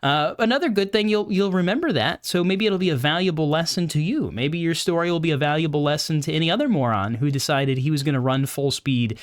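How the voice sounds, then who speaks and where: Sarcastic man with a higher voice. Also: fairly quick, hardly any pauses. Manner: sarcastic, mocking, animated with put-on quote voices. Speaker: podcast host. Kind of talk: opinionated political commentary.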